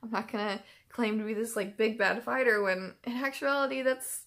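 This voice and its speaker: A woman's voice: on the high side, fairly even intonation, normal speed, fairly bright tone. Woman rambling through an emotional reaction. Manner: rambling and emotional, heavy on filler words. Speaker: YouTube reaction channel host. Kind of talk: casual chat.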